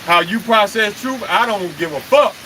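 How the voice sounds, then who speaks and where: A man preaches with heat and pushes every point home with pointed rhetorical questions. His voice sits high and rings sharp and forceful. A faint hiss runs underneath. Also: moderate pace, poor audio. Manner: emphatic and confrontational, with rhetorical questions and cursing. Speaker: street preacher leading a live stream. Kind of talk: impassioned live-stream preaching.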